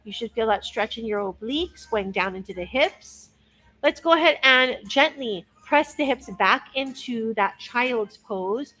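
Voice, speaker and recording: A woman's voice: fairly high pitch, lively intonation, measured pace, pushed and bright, rough recording. A young woman coaching a workout class, upbeat and encouraging as she counts down each interval. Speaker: fitness instructor.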